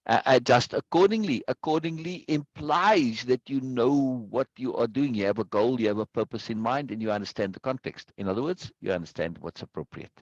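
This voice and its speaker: A man's voice: medium pitch, fairly quick, few pauses, no echo, muffled recording. A man teaching a class over a video call, explaining patiently, drawing out words to stress syllables and often checking in with "right?". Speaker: teacher leading a book discussion. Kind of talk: online class discussion.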